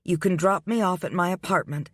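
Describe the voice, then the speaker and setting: A man's voice: high-pitched, fairly quick, no echo, studio quality, voice pushed up. A male audiobook reader voicing a stubborn, indignant young pregnant woman who talks back sharply. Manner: sharp and defiant.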